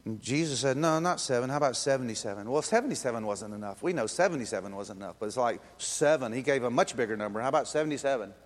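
A man's voice: medium pitch, lively intonation, fast, few pauses, long reverb tail. A man preaching a sermon in a casual, conversational way, acting out quoted voices and chuckling as he goes. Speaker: pastor.

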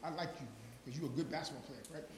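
A man preaching an informal sermon with fervor, calling listeners by name, repeating "now watch this" and building to shouted peaks. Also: mid-range voice, very fast, slight background noise. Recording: roomy echo.

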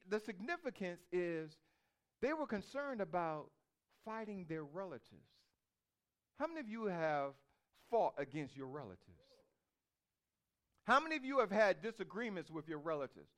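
A man's voice: sits high, a bit bright. A man preaching a sermon, reading scripture and repeating phrases as his intensity rises. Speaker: pastor.

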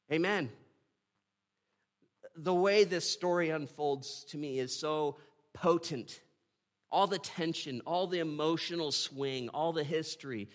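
A man giving a devotional Bible teaching. He reads scripture aloud and reflects on it with emotion and slow emphasis. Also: fairly high pitch. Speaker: preacher.

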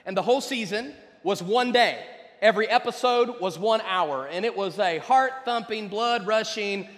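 A preacher with a noticeably high, slightly bright voice gives a conversational sermon, addressing the congregation directly at a moderate pace. A long reverb makes it sound like a large hall.

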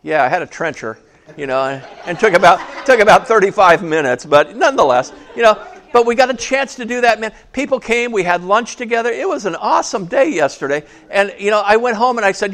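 A man's voice: high-pitched, lively intonation, brisk, fairly bright tone. A man preaching a casual sermon to a small church, chatty and joking, asking the congregation questions. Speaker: pastor.

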